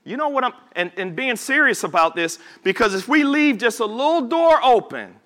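A male pastor preaching a sermon to a congregation at a church service. He stretches words out for emphasis, breaks into sudden shouts and drops into casual asides to the listeners. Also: very high voice, animated, moderate pace.

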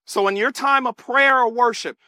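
A man preaching a sermon with animated call-and-response and bursts of shouting. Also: very high voice, moderate pace, dry recording, clean studio sound.

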